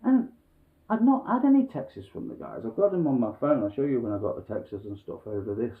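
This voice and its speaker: A man's voice: mid-range voice, wildly swooping pitch, fairly quick. A man telling a frustrated story to his viewers in blunt, sweary casual talk with chuckles, recorded at home. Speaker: vlogger. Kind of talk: casual ranting monologue. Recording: phone-like lo-fi sound.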